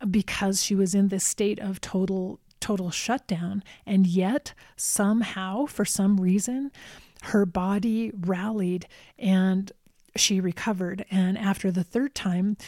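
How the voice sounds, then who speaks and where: A woman who visits a nursing home tells a personal story in a calm, measured way, repeating words for emphasis. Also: mid-range voice, no echo, clean studio sound.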